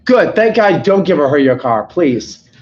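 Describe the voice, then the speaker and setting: A young man, sick, telling rambling, exasperated stories about his fast-food job on a live stream, swearing constantly. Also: on the high side, big pitch swings, darkish tone, slightly rough. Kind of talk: casual live-stream storytelling. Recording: slightly dull lo-fi mic with faint noise.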